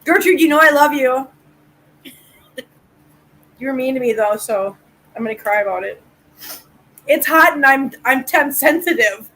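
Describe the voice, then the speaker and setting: A woman's voice: high-pitched, expressive, a little slow, pauses often, fairly bright tone, low-quality recording. A woman hosting a casual live chat about cats, playful and mock-offended. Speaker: livestream host.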